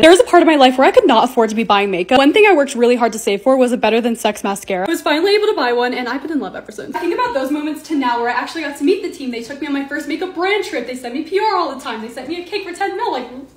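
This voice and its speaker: Fast-talking excitable young woman vlogger. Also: high voice. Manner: gushing, excitable, chatty. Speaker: social media creator. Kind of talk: casual vlog talk to camera.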